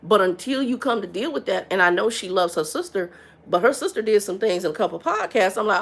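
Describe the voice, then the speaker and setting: Middle-aged woman host, gravelly and frank, livestream chat, repeats herself. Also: mid-range voice, lively intonation, fairly quick. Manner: frank and blunt, stumbles and repeats words.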